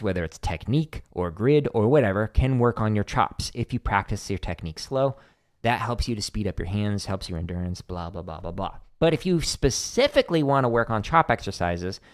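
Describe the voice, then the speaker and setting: A man in his thirties hosting a drumming livestream, chatting casually and counting beats aloud as he explains exercises. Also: medium pitch. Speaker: drumming teacher, livestream host. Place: home drum studio.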